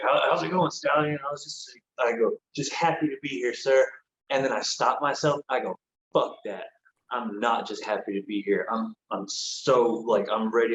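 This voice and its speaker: Animated, swearing ex-wrestler man in a roomy room. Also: lowish voice. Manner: animated, swears freely, lots of "like". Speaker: guest, former pro wrestler. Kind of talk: casual podcast storytelling. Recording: roomy, dull lo-fi sound with faint noise.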